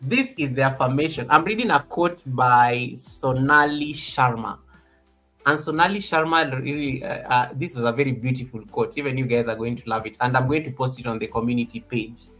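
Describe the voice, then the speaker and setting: A man's voice: medium pitch, normal speed, fairly bright tone, soft background music. A man hosting a live stream in casual chat from an office, teasing and laughing often and making mock threats.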